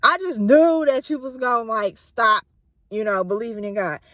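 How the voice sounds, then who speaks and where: A woman's voice: on the high side, animated, normal speed, a bit bright, no room sound, studio quality. A woman voicing a gloating male devil who taunts in slang.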